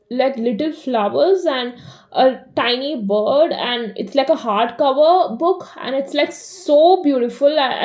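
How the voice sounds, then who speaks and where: A young woman chatting casually in a rambling diary vlog, full of fillers, swinging between animated and flat delivery. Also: high voice. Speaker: vlogger.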